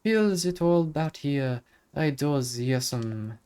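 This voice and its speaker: A man's voice: on the high side, animated, takes it slowly, a little mellow, clear, resonant tone, pitched above the performer's own voice. A man voicing a bouncy, ancient female fairy in a put-on Irish accent, with dreamy, garbled, old-fashioned phrasing. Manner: lilting, garbled archaic phrasing.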